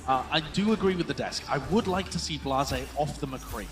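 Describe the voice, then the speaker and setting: A man giving measured, analytical color commentary on an esports match. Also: a little high, animated.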